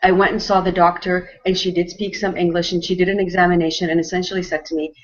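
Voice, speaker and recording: A woman's voice: lowish voice, little pitch movement, quick pace. A woman from Canada, host and storyteller, telling a personal story in an earnest, emotional way with frequent restarts. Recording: dull lo-fi audio.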